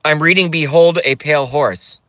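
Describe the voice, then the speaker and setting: A man's voice: a little high, moderate pace, a bit bright, no room sound. A man ranting on a live stream to his chat, profane and rambling, breaking into nervous giggles. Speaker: YouTube streamer.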